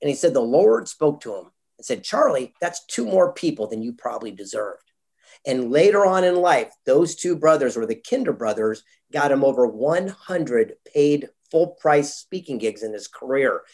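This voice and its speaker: A man's voice: medium pitch, moderate pace. A man, a guest entrepreneur, telling a motivational story and acting out the people in it. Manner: animated storyteller, acts out quoted voices.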